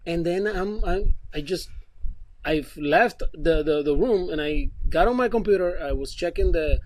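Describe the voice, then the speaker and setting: A man who is a guest on a casual podcast, telling stories in a relaxed, loose way with casual swearing. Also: a little high, unhurried, low-quality recording.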